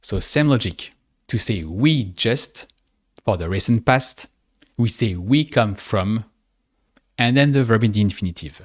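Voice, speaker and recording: A man teaching spoken in a guided speaking lesson, patient and deliberate, drawing out each example phrase. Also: fairly low pitch, animated. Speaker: French teacher.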